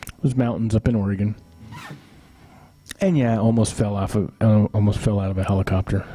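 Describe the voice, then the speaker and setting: A man's voice: lowish voice, fairly even intonation, fairly quick, mellow, breathy edge, faint music behind. A middle-aged man hosting a live stream, chatting casually with viewers and telling rambling family stories with chuckles and teasing asides. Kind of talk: casual storytelling to chat.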